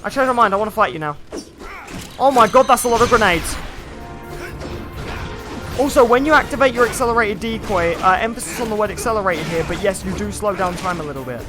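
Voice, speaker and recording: Excitable high-voiced young male streamer. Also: fairly quick, pauses often. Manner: chatty and excitable, lots of "like" fillers. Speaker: game streamer. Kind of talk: live gameplay commentary. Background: faint game music.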